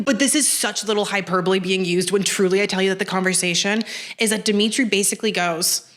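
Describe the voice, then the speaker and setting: A young woman giving casual commentary as a video essayist, fast-talking, animated and sarcastic. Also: mid-range voice.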